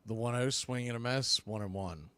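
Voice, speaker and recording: A man does casual live baseball play-by-play for a watch-party stream, chatting between pitches and often repeating words as he explains. His voice is pushed, bright, and smooth at normal speed, recorded dry.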